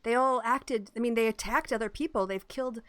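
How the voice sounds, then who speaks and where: A woman voicing a bewildered bar owner who speaks in flustered, halting bursts. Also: a little high, dry recording, close to an everyday voice.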